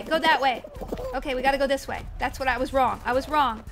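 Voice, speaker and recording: A woman streaming a video game, chatting excitably and cursing when the match goes badly. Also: sits high, fast talker. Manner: loud, excitable, swears when frustrated. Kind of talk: live gaming stream chat.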